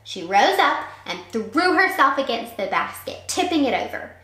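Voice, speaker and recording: Teacher lady reading a storybook, pretty high voice, expressive, echoey room. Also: normal speed. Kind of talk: picture book read-aloud. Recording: roomy echo.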